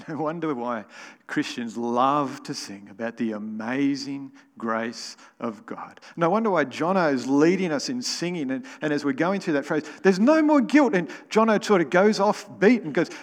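A man's voice: mid-range voice, lively intonation, normal speed, big-room sound. A man preaching a sermon as pastor, emphatic and building to exclamations. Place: church.

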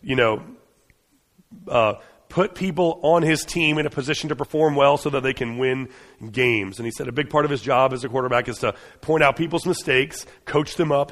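In an echoing hall, a man delivers a sermon in a mid-range, fairly bright voice. He's conversational and earnest, often restarting sentences and using fillers.

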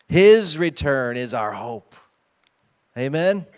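Smooth-voiced man preaching a sermon. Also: a little high, a little slow. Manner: emphatic, asks the congregation questions. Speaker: pastor. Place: church sanctuary.

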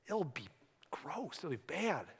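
Worried, squeamish sister, a man doing the voice, high and pleading, in a reverberant hall. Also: very animated, takes it slowly, vocal fry, breathy edge, full character voice. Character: worried grieving sister, a woman protesting.

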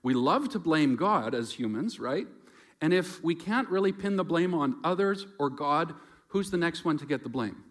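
A man preaching a sermon in a reflective, conversational way, moving between loud emphasis and quiet asides. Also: a little high, lively intonation, normal speed.

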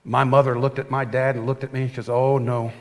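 A man preaching a sermon as pastor, earnest and folksy, often dropping to a soft hush. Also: medium pitch, flat delivery, fast talker. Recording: long hall reverb.

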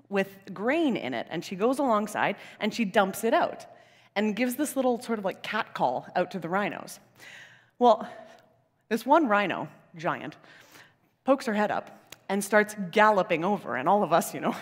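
A young adult woman pastor preaching a sermon, telling a story in an animated way with chuckles and asides. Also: medium pitch, slightly rough. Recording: long hall reverb in church.

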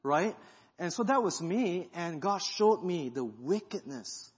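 A guest pastor, a man, giving an animated sermon testimony and acting out the thoughts he is retelling. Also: high-pitched, slow pace, husky. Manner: animated storytelling, acts out quoted thoughts. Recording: dull sound in a reverberant hall.

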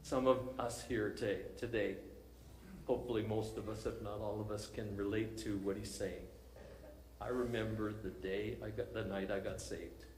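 A man's voice: fairly low pitch, normal speed, a little hiss or hum. Storytelling male pastor in an echoey room. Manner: animated storytelling, chuckles often. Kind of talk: sermon.

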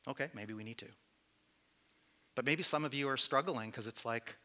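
Man, pastor, sermon, conversational, candid, bright tense voice. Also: mid-range voice, moderate pace, long pauses. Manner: candid, conversational preaching with asides and self-deprecating humor.

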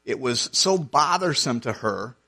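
A man's voice: medium pitch, animated, measured pace, pushed and bright, breathy edge. A man preaching a sermon, reading scripture verse by verse and explaining it in an earnest, conversational way, often restarting his phrases.

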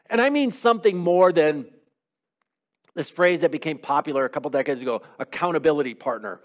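A man's voice: fairly high pitch, a little fast. A middle-aged man preaching a sermon in a conversational way, asking rhetorical questions and acting out little quotes. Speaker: pastor.

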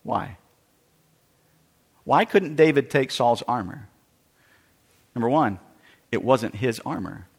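A man's voice: medium pitch, lively intonation, slow, pauses often, breathy edge. A man preaching a sermon with dramatic delivery, acting out the voices of Bible figures and worried churchgoers. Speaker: pastor. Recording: long hall reverb.

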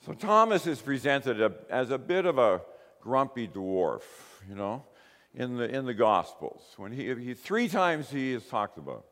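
Animated preacher man in a reverberant hall. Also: medium pitch. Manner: animated storytelling, acting out quoted lines. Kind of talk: sermon.

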